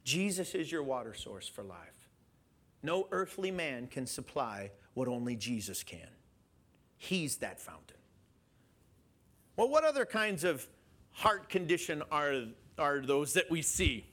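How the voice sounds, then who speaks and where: A man preaching a sermon in an animated way, questioning his listeners and chuckling as he goes. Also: fairly high pitch, unhurried. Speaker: pastor.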